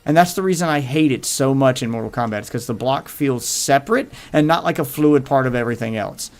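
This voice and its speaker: A man's voice: medium pitch, a little fast. A man hosting his livestream, telling crude rambling stories in casual chat with faint music behind him. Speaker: livestream host.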